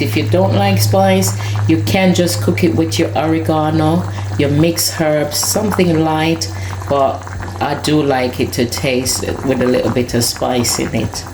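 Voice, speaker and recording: Speaking at a measured pace in a deep voice, this woman talks to her audience in a relaxed cooking vlog while preparing and tasting food at home. A pot boils behind her, and the recording carries the echo and clatter of the kitchen.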